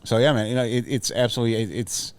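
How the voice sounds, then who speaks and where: Smooth-voiced man rambling through a story. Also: mid-range voice, steady tone, fast talker, dry recording. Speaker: podcast co-host. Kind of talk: casual chat.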